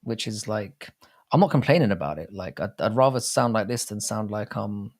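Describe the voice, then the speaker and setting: A young man with a lowish, animated voice hosts a casual livestream chat at a moderate pace. He reads viewer comments aloud, over-enunciates, and swears freely through crude banter.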